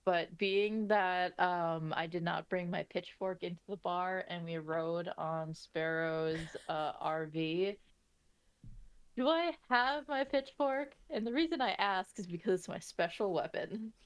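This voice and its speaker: A woman's voice: lowish voice, fairly even intonation, unhurried, few pauses, smooth, dry recording. A woman playing a tabletop game, blunt and joking, with some swearing. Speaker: player.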